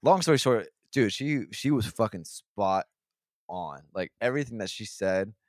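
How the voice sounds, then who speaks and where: A man's voice: on the low side, expressive, moderate pace, dry recording, clean studio sound. A young man telling a rambling, profane story in a casual podcast chat. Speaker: podcast co-host.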